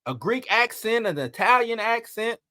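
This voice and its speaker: A man hosting an entertainment news commentary, talking in an animated, emphatic way and piling up rhetorical questions. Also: extremely high pitch, moderate pace, no echo, studio quality. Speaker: host.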